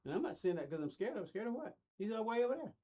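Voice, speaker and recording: A man's voice: high-pitched, very animated, racing. A middle-aged man streaming a racing game, rambling casually and talking straight to his chat. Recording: dull lo-fi stream audio.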